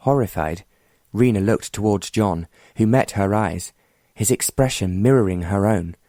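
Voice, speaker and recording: A male audiobook narrator telling a period romance in an even, measured manner. His voice is low-pitched, and the recording is dry and close with no room sound. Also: dry recording.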